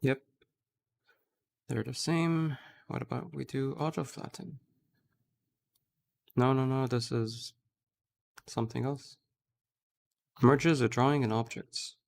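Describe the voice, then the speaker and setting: Unhurried male streamer, thinks out loud, gushes easily. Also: medium pitch, vocal fry. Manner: thinking aloud, gushing with excitement. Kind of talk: casual live-stream commentary.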